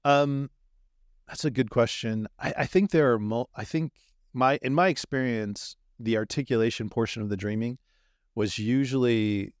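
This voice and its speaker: A man on a podcast as a guest, explaining his ideas in an animated way and acting out little quoted exchanges. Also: mid-range voice, moderate pace, dry recording, studio quality. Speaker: dream manager guest. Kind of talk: podcast conversation.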